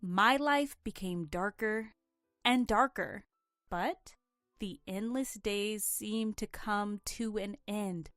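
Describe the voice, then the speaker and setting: Slow, earnest woman storyteller. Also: medium pitch, fairly bright tone, no echo, clean studio sound, soft background music. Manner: earnest, emotional, measured storytelling. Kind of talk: first-person scripted drama narration.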